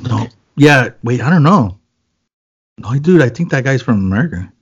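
A man's voice: mid-range voice, lively intonation, moderate pace, husky, highs cut off. A man chatting casually as a podcast co-host, loose and rambling, swearing and joking. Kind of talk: casual chat.

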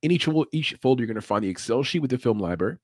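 A man's voice: medium pitch, expressive, rapid-fire, no echo, studio quality. A man hosting a casual livestream podcast, talking loosely with swearing and frequent laughs. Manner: loose, profane, laughs often. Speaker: podcast host.

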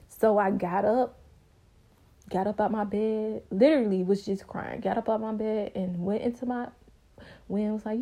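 A woman's voice: normal speed, gravelly. A young woman hosting her own podcast, telling her story in a bubbly, talkative, casual way. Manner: bubbly, talkative, expressive with sudden high pitch jumps. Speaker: podcast host.

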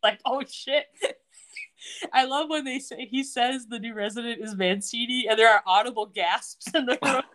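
A podcast co-host with a slightly high, fairly bright voice talks at a measured pace. She recaps a TV episode in casual chat, laughing often and retelling scenes in the characters' voices.

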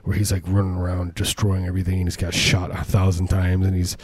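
A man's voice: low voice, monotone, quick pace, a little mellow, a little hiss or hum. A man co-hosting a podcast, riffing through rambling, jokey casual chat full of restarts. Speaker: podcast co-host.

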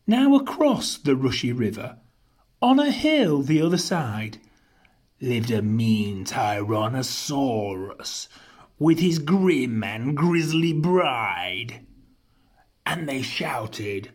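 A man hosting a children's story podcast, reading a rhyming tale aloud in a rhythmic, expressive way. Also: medium pitch, takes it slowly, slightly rough. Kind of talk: storybook narration.

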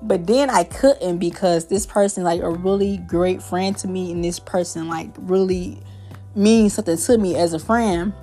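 A woman's voice: fairly low pitch, moderate pace, mellow, faint music behind. A young woman talking candidly and at length in a personal podcast monologue, rambling with many fillers.

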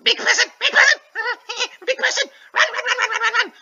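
A man voicing a tiny, simple-minded rat that speaks in a squeaky, broken way. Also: moderate pace, gravelly, bright, forceful tone, dull audio, exaggerated voice. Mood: excited. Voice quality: very high squeaky broken speech.

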